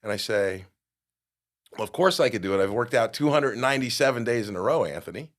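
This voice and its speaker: A middle-aged man telling a personal story in a podcast interview, acting out quotes and getting loud at the big moments. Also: mid-range voice, a little fast. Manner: animated storyteller, acts out quotes with big jumps in loudness. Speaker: guest.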